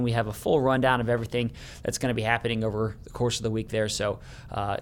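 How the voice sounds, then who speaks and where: Quick chatty podcast guy, upbeat, laughs a lot. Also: medium pitch. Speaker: podcast co-host. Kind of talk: casual podcast chat.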